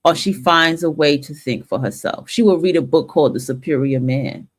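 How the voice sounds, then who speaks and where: She's a talk stream host from the northern United States, ranting through an opinion monologue in a low voice at normal speed. Her delivery is blunt, profane, and emphatic, with lots of restarts.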